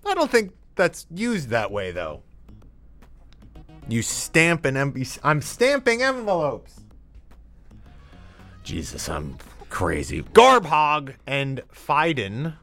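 A man's voice: fairly high pitch, wildly swooping pitch, slow pace, long pauses, a bit bright, soft background music. Playful, meandering radio host man. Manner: playful, meandering, talks to his dog. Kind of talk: rambling late-night radio chat. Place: radio studio. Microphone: studio mic set too far off, with echo effect.

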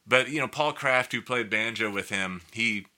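A middle-aged man talks as a musician guest in a relaxed interview. His voice sits low but comes across as strikingly bright and forceful. He tells stories with animation and acts out the voices of the people in them. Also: moderate pace. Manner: animated storyteller who acts out quotes. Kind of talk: casual interview talk.

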